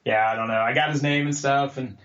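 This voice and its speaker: An American jiu-jitsu black belt, guesting on a podcast, tells a story casually and acts out other people's lines in a raised voice. His medium-pitched voice is fairly even, brisk and fairly bright. The podcast audio is roomy and slightly dull.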